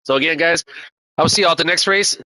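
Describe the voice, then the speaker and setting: A man's voice: a little high, fast talker, bright, forceful tone, no room sound, rough recording. A man streaming a racing game, talking in a laid-back, slangy and profane way and calling everyone dude and man. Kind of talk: casual live-stream chat.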